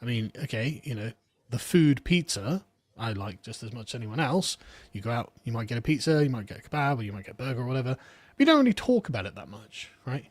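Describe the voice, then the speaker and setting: A man in casual podcast chat, telling a story in an animated way with restarts. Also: mid-range voice, quick pace, dry recording.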